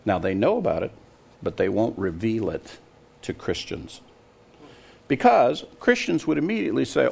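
Gravelly older man preaching emphatically. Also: on the low side, wildly swooping pitch, normal speed, long pauses. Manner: emphatic, asks the audience questions, scoffing. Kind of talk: sermon to a congregation.

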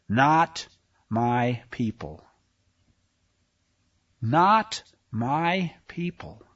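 A man with a high, husky voice preaches a sermon, reading scripture and adding sarcastic asides as he swings from hushed passages to shouting. The recording is dry and sounds dull.

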